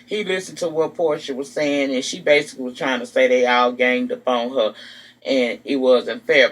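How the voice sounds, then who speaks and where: A man's voice: mid-range voice, steady tone, normal speed, fairly bright tone. A man giving a casual, gossipy, profane recap of a reality show, now and then acting out what the cast said. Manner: sassy, profane, gossipy storytelling; acts out quotes of the people he recaps. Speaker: TV recap vlogger.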